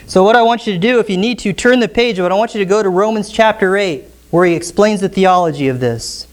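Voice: medium pitch, fast. A pastor preaching an expository sermon in church, often asking the congregation rhetorical questions.

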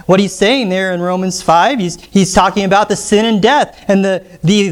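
Emphatic high-voiced male preacher. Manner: emphatic, repeats key phrases, asks the congregation questions. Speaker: pastor. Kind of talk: sermon.

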